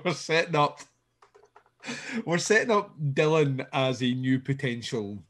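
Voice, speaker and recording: A man's voice: medium pitch, expressive, measured pace, fairly bright tone. A man co-hosting a casual comedy podcast, sardonic and sweary, laughing often as he recaps a show. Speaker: podcast co-host.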